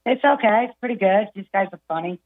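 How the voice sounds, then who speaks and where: A woman's voice: mid-range voice, fast, phone-quality sound. A woman calling in to a radio show, brief and a little hesitant, heard through a telephone. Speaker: caller. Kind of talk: on-air phone call.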